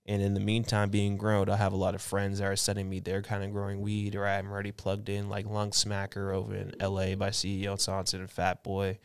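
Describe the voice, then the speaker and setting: A man's voice: on the low side, monotone, fairly quick, hardly any pauses, smooth. A man in his twenties chatting casually on a podcast, telling stories in laid-back slang. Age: 20s. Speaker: guest, clothing and smoking brand founder.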